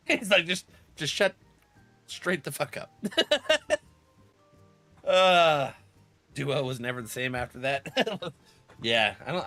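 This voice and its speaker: Giggly, lively man streamer with a cold. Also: on the high side, no echo. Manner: laughs often, acts out friends' lines in a raised voice. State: has a cold. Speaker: gaming streamer. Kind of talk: casual stream chat.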